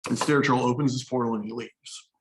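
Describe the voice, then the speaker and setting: A man's voice: mid-range voice, steady tone, brisk, background noise. A man teaching a history class in a casual, storytelling way, talking straight to his students. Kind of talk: classroom lecture.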